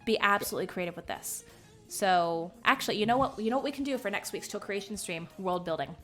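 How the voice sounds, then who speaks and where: A woman from the Southern United States with a light Southern American accent, hosting a stream as game master in excitable, bubbly casual chat. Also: medium pitch, fast, faint music behind. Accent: light general Southern American. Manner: bubbly, excitable, laughs often.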